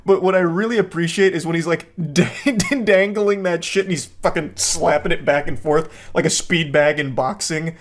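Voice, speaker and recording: Sarcastic, laughing man with a higher voice. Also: normal speed, few pauses. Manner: sarcastic and incredulous, laughing often. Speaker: commentator. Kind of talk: comedic reaction commentary.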